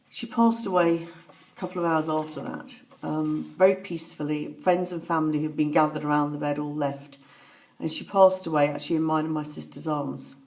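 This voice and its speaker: A woman speaking softly and haltingly, telling a personal story as reflective testimony. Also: fairly low pitch. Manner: soft-spoken, halting, with pauses and fillers. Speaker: author recounting a personal story.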